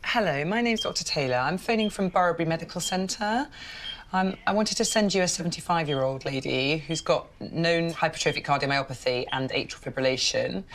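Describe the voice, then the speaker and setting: A woman GP, speaking in a calm, clear and reassuring clinical manner while arranging care for a patient. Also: deep voice, fairly quick, slight background noise. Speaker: GP doctor. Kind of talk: documentary, phone referral and patient care.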